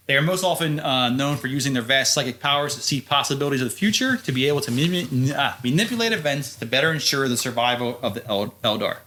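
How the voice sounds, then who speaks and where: A man's voice: mid-range voice, sharp tone. A man co-hosting a podcast, recapping a story in loose, profane chat with frequent laughs. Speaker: podcast co-host.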